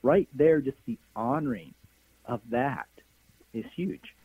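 An enthusiastic man speaks as a guest over a tinny, phone-like line. His mid-pitched voice sounds dry and close, and he talks with lots of fillers and loose, trailing phrases. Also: very animated, slow, gravelly, husky, no room sound. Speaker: guest, energy healer. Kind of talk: phone-in interview.

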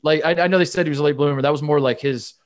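A man co-hosting a casual sports podcast, excitable and ranting, swearing when heated. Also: a little high, racing. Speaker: podcast co-host.

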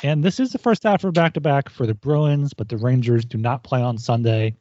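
A man co-hosting a betting podcast, laying out recent results in a measured way. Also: medium pitch, dark tone, a little hiss or hum. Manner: measured, fact-listing. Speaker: podcast co-host. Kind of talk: casual sports analysis. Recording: dry, dull lo-fi sound.

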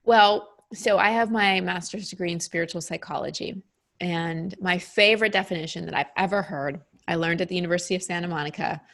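A middle-aged woman speaking as an interview guest, explaining her ideas in a reflective, even way. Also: lowish voice, fairly quick, creaky. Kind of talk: interview conversation.

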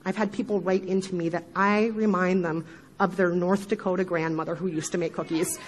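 Lively Midwestern woman giving a talk. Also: fairly low pitch, fairly quick, a little hiss or hum, poor audio. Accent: Midwestern American. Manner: animated, laughs often, emphatic asides. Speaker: podcast speaker giving a talk. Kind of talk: conference talk to a live audience.

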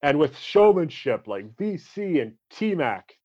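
Relaxed man on a dull lo-fi line. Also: a little high, takes it slowly. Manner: relaxed, joking, restarts often. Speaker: podcast host. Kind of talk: casual sports podcast chat. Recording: dull lo-fi audio.

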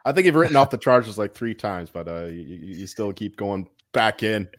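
A man's voice: lowish voice, a little fast. A man co-hosting a sports betting podcast, chatting casually with a dry, teasing manner. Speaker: podcast co-host.

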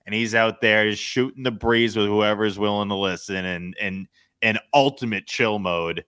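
Bright-voiced man in casual chat. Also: fairly low pitch, moderate pace, clean tone, no echo, clean studio sound. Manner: rambling, self-interrupting, laughs often. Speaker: podcast co-host.

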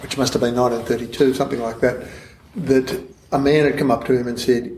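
An Australian man, an author guest in an interview, telling stories in animated, digressive bursts. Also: mid-range voice, fast talker, a little hiss or hum. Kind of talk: conversational storytelling interview. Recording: roomy echo in a room.

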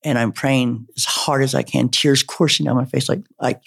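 A man telling his life story in a casual, rambling way, halting often with fillers and turning self-mocking. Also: medium pitch, fairly even intonation, creaky, a bit bright, slightly rough. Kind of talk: personal storytelling.

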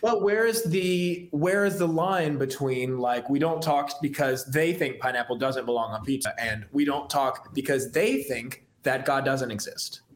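A man's voice: mid-range voice, measured pace, few pauses. A young man, a guest musician, chatting casually on a podcast in a rambling, self-reflective way and laughing easily. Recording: echoey room.

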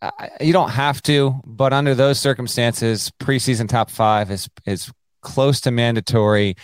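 A man co-hosting a sports podcast, talking at a middle pitch and telling a long story with lively energy. He acts out quotes in casual chat. The sound is dry and close to the mic. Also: measured pace, clean tone, no echo. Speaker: podcast co-host.

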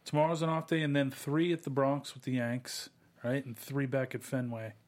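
A man co-hosting a casual sports chat, loose and chatty, often acting out players' lines in a higher voice. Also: moderate pace. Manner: animated, acts out players' quotes in higher voices. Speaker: podcast co-host.

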